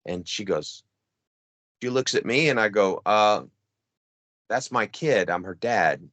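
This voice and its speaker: A man's voice: fairly low pitch, animated, slow, fairly bright tone, dry recording. A middle-aged man chatting casually as a show host, telling a story in loose rambling bursts with plenty of restarts. His voice sounds dry and close, with no room around it. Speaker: podcast co-host. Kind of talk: casual chat.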